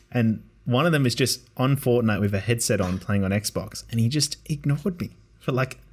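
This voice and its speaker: A man's voice: medium pitch, sing-song, moderate pace. Laid-back man telling stories. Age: 20s. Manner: rambling anecdotes with acted-out quotes and frequent laughter. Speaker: podcast host. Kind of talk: casual chat, storytelling.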